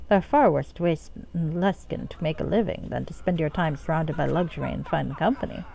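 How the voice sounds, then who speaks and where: A woman reads game dialogue as a sultry, flirtatious brothel madam, using a put-on accent she calls terrible and drawling endearments with deep downward swoops. Her voice is mellow with vocal fry and a slightly fast pace. The low-quality recording carries slight background noise.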